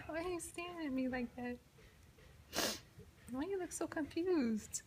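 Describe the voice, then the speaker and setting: A young mother coaxing her baby in gentle baby talk, often dropping to a half-whisper. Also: on the high side, very animated, extremely slow, long pauses, noisy background.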